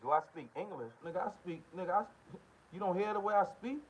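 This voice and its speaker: A man's voice: sits high, expressive, quick pace. An American man hosting a political commentary channel, delivering a heated, confrontational monologue full of profanity and repeated short questions. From United States. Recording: dull lo-fi audio.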